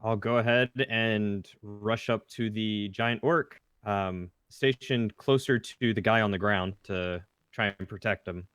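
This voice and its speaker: A man's voice: fairly low pitch, steady tone, unhurried, few pauses, a bit bright, clear, resonant tone, no echo. A man playing a tabletop game, casually describing his character's actions. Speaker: player.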